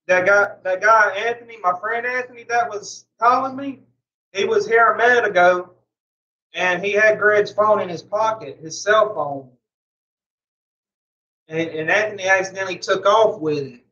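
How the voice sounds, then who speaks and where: A man's voice: high voice, sharp tone, recorded from a distance. A man chatting casually on a livestream, rambling and repeating himself to his viewers. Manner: rambling and repetitive. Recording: roomy, off-mic, dull lo-fi sound.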